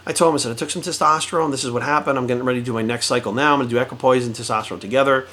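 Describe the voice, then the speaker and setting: A man's voice: mid-range voice, fairly even intonation, racing, a bit bright. A middle-aged man and fitness coach ranting bluntly to camera, swearing constantly and acting out quoted exchanges as he tells a story. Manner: blunt, heavily profane, storytelling with quoted voices. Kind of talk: profane direct-to-camera rant.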